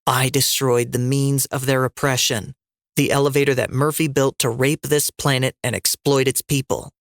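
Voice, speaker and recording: A man's voice: medium pitch, steady tone, moderate pace, vocal fry, fairly bright tone, dry recording, clean studio sound. A man voicing a defiant, fierce woman rebel leader in an audiobook reading, cutting and sarcastic in tone.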